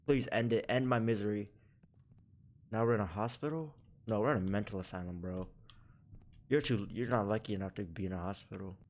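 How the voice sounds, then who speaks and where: A young man talks through a horror game with crude, joking commentary, scolding the characters as if they could hear him. His pitch swings widely, and frights push him into sudden high yelps. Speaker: gaming YouTuber.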